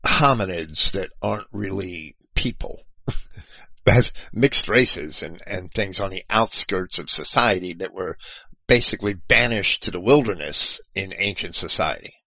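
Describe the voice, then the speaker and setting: Slow, halting, lecturing man. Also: lowish voice, sharp tone, no echo, low-quality recording. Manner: halting, with frequent restarts and self-corrections; lecturing, spelling terms out letter by letter. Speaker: video host. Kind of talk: unscripted explanatory monologue.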